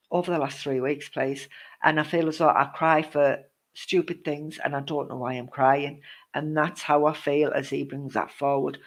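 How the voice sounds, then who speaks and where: A man leads a live online psychic reading, his voice sitting a little high. He speaks in a reassuring, comforting way, sprinkling in endearments and breaking off to greet new viewers. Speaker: psychic medium.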